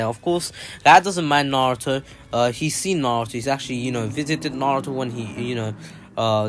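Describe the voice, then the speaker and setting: A man casually retelling an anime fan story, rambling with plenty of fillers and restarts. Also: mid-range voice.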